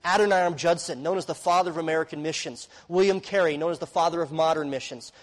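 A man preaching a sermon with earnest intensity, swinging from loud emphasis to hushed, quiet passages. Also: on the high side, fast talker, big-room sound, rough recording. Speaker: pastor.

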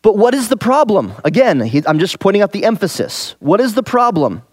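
A man's voice: sits high, big pitch swings, a little fast, no room sound, studio quality. A man teaching verse by verse through a scripture passage in a conversational way, asking rhetorical questions and repeating key phrases for emphasis. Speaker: Bible teacher.

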